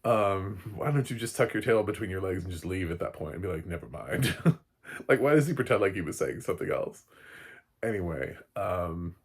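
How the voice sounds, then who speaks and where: A male film critic talks through a TV episode in a loose, off-the-cuff way. His voice sits very low and has a breathy, husky texture. He fills gaps with ums and uhs and breaks into chuckling asides. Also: expressive, brisk. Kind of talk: casual spoken episode recap.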